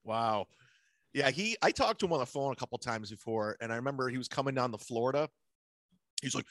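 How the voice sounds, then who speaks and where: A man's voice: mid-range voice, animated, fast, fairly bright tone, no room sound. A man hosting a casual comedy podcast, telling stories bluntly with lots of swearing and mocking impressions of people. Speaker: podcast host.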